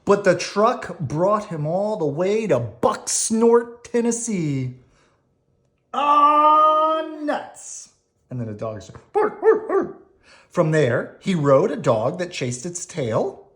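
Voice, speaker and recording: A woman reading a bedtime story aloud to her child at home, playful and animated. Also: on the low side, a little slow.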